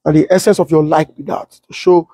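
Husky high-voiced Nigerian man in Pidgin. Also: a little fast, no echo, clean studio sound. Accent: Nigerian Pidgin English. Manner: animated, repeats himself, talks straight to viewers. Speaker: political commentator. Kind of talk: casual storytelling in Pidgin.

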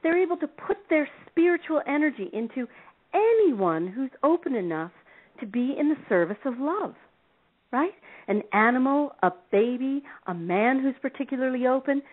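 Woman guest on a call-in radio show, animated, laughs a lot, sounds like a tinny phone line. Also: high voice, moderate pace. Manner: animated storyteller, laughs often. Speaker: relationship expert guest.

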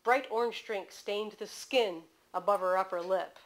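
A woman author reading aloud from her novel in a bookstore, measured and expressive. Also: medium pitch.

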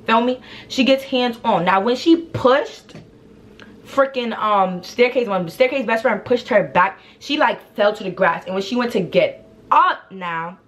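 A young woman telling a story in a casual, slangy, animated way, acting out what people said. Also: on the high side, unhurried. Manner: animated, slangy, acts out the quotes. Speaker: vlogger.

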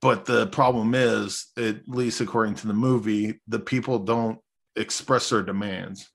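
A man's voice: lowish voice, steady tone, measured pace, creaky. A man co-hosting a podcast, rambling in a laid-back way through his movie opinions and swearing casually. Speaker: podcast co-host. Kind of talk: casual movie review chat.

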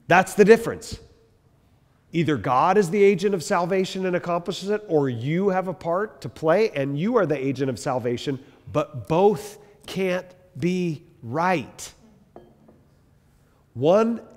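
A man, a pastor, giving an emphatic, conversational church history lecture to a live group. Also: fairly high pitch. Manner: animated, emphatic, conversational with the room. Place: church hall with long reverb. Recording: echoey hall reverb.

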